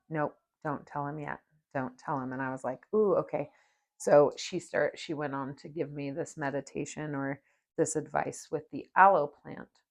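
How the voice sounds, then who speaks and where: Slow, low-voiced woman, soft and dreamy. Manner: soft, slow and dreamy, drifting into near-whispers. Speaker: podcast host. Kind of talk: spiritual podcast monologue and guided meditation.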